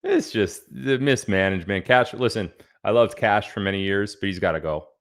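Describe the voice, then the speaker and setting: A man hosts a casual livestream in a lowish, somewhat bright voice at moderate pace. He chats loosely and reads out where his viewers are from.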